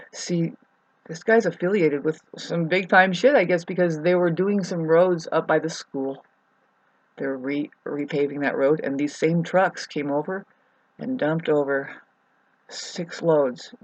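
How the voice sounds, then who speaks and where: Husky-voiced woman rambling to camera. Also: no echo, lo-fi sound. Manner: rambling, swearing, emotional, swings from low murmurs to loud outbursts. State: sleep-deprived. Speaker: vlogger. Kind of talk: rambling personal monologue to camera.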